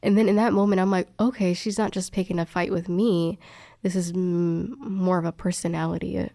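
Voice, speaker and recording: A young woman chats casually, recounting a work story in a slightly low voice. She acts out each quoted exchange, with plenty of fillers along the way. The recording is close and dry, with no room echo. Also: fairly quick. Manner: animated, acts out quoted dialogue, many fillers. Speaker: respiratory therapist telling a story.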